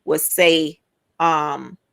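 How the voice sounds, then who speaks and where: A woman co-hosting a casual podcast chat, reading out viewer comments and reacting in an animated, lively way. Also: low-pitched, very slow, creaky, smooth.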